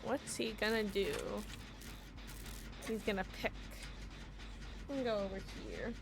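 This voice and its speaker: A woman's voice: medium pitch, measured pace, gravelly, loud music behind the voice. A woman in her thirties chatting casually while streaming a game, rambling with lots of ums and likes. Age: 30s. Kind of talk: casual live-stream chat while gaming.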